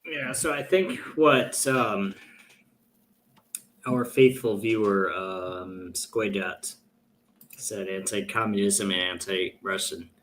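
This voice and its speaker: Male podcast host, lower pitch, thoughtful and hesitant delivery. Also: slow, fairly bright tone, slight background noise. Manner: hesitant, filler-heavy reasoning. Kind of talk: political podcast discussion.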